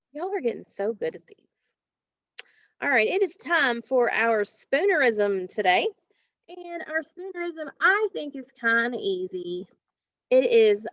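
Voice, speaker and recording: A woman teacher with a high, slightly bright voice leads a recorded phonics lesson for children, modeling each word slowly and carefully drawing it out. The home recording is dull, dry and lo-fi, with no room sound.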